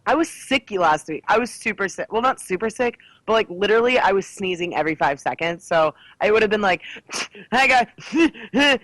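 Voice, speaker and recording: Bubbly girl co-hosting a podcast, jokey, dry room, mid pitch. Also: fairly quick, hardly any pauses, dry recording, rough recording. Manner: bubbly, jokey, slips into silly voices. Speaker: podcast co-host. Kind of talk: casual chat.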